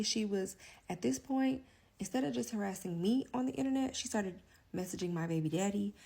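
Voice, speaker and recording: A woman telling a long personal story in a casual, candid monologue, profane and rambling, filling nearly every pause with "like.". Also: on the low side, creaky, a little mellow. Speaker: storyteller vlogger.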